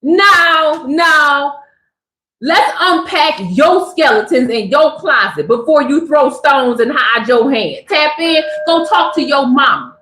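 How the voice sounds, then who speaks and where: A woman hosting a spiritual livestream, talking in a casual, animated, slangy way to her chat and preaching at them. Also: high voice, slow, reverberant.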